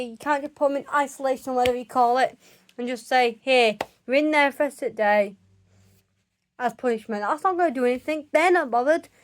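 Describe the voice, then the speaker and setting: Girl ranting at the camera, pretty high voice, keeps hammering her point and restarting sentences. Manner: emphatic and insistent, with many restarts. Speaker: vlogger. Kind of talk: opinion monologue.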